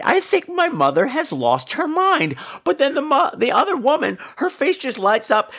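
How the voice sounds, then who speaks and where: A woman calling in to a podcast and telling a rambling story, jumping into high impressions. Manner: animated, jumps into high-pitched impressions. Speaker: caller.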